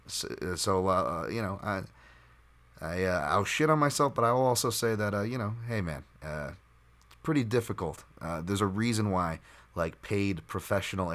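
A man's voice: sits low, fairly bright tone. A man hosting a solo podcast, talking unscripted in a rambling, self-deprecating way with lots of fillers and restarts. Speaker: podcast host.

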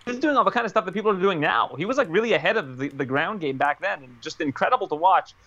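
Guest man, quick, bright, animated podcast talker. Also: high-pitched, muffled recording. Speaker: guest analyst. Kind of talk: casual podcast chat.

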